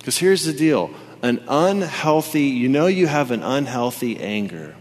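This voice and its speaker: A man in his thirties preaching a sermon in a church, telling a personal story in an animated, casual way with many fillers. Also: mid-range voice, measured pace. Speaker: pastor. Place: church hall with congregation. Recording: long reverb from a large hall.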